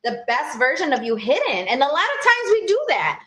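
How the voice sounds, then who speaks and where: Bright-voiced woman on a video call. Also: high-pitched, wildly swooping pitch, a little fast, reverberant, slight background noise. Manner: earnest, encouraging, laughs often. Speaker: podcast co-host. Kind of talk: casual chat.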